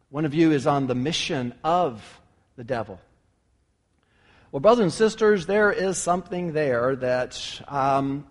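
A man preaching a sermon, expressive and acting out the quoted lines with dramatic pauses. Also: high-pitched.

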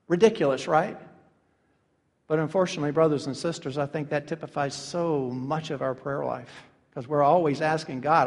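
A man's voice: fairly high pitch, fairly even intonation, moderate pace. Earnest male preacher in reverberant hall. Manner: earnest, builds to emphatic peaks. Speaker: pastor. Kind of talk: sermon.

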